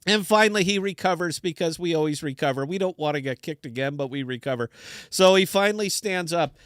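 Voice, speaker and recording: Smooth-voiced man rambling through a joke. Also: a little high, brisk, fairly bright tone, no room sound, studio quality. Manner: rambling, with many restarts. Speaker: podcast host. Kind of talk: casual live chat, telling a joke.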